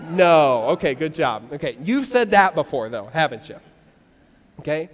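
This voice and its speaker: Pastor, male, high voice, animated sermon with call-and-response, church hall with long reverb. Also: moderate pace. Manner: lively, leads the congregation in call-and-response.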